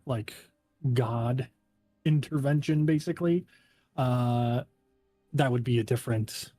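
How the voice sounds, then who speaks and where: A man acting as game master, explaining a contract to the players in a relaxed, halting way with many fillers. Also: medium pitch, no room sound. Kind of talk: narrating a tabletop game.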